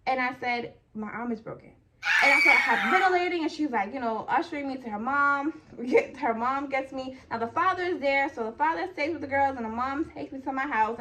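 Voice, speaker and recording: Young woman vlogger, casual storyteller, slightly high voice, chatty with lots of fillers. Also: a bit bright. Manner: chatty, full of "like" and "okay?".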